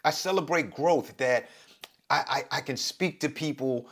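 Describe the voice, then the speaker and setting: A middle-aged man from Brooklyn with a New York accent, talking in a reflective, passionate monologue and getting louder as he drives his point home. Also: unhurried. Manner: passionate, rises in pitch and loudness when making a point. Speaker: podcast host.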